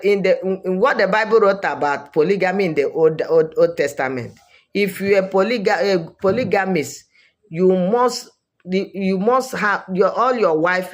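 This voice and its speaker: A woman with a Nigerian accent giving opinionated social commentary, emphatic and repeating her points for weight. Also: medium pitch.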